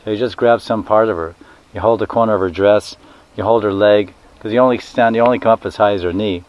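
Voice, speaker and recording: A man giving a religious talk to a group, telling a story in a lively way, often repeating and correcting himself and putting questions to the listeners. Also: lowish voice, fast talker, dull audio. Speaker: spiritual teacher.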